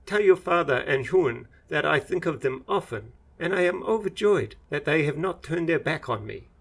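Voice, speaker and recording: A man's voice: on the high side, animated, normal speed, vocal fry, fairly bright tone, voice pushed up, heavily acted. A man voicing an ageless woman warrior-monk in a storybook reading, clipped and commanding, raised above his own voice. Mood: gentle.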